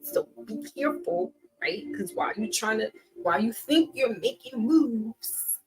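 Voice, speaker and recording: A woman's voice: a little high, expressive, a little slow, soft background music, low-quality recording. A woman giving a casual tarot reading, chatty and teasing, laughing often as she talks. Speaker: tarot reader.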